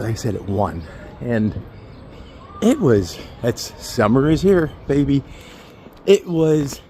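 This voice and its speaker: A man's voice: medium pitch, warm tone. A man who is an airline pilot, chatting casually in a rambling, sidetracked way as he walks uphill on a city street, slightly out of breath. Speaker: airline pilot and travel vlogger. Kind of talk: casual walking vlog. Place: outdoors on a city residential street. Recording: noisy outdoor street ambience. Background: street traffic.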